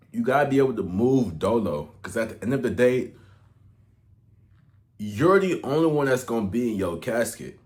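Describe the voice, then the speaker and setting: Slangy young man ranting to camera. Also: lowish voice. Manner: slangy, profane, rambling with restarts and swings in loudness. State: out of breath. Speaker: online coach. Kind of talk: casual motivational rant to camera.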